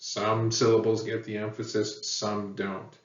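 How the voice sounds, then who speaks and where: A man teaching a lesson in a plain, patient way, pausing often with fillers. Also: fairly low pitch, completely flat delivery. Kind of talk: explanatory lecture. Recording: echoey, dull, far from mic.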